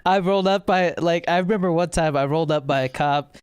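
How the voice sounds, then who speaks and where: A young man co-hosting a casual gaming podcast, telling animated stories, laughing often and acting out other players' lines. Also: a little high, a little fast, clear, resonant tone, no room sound. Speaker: podcast co-host.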